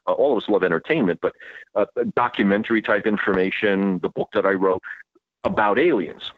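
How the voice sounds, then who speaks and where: A man's voice: fairly low pitch, brisk, dry recording. A man speaking as an author and interview guest, emphatic and given to sarcastic rhetorical questions. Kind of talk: interview talk. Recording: dull lo-fi dry audio.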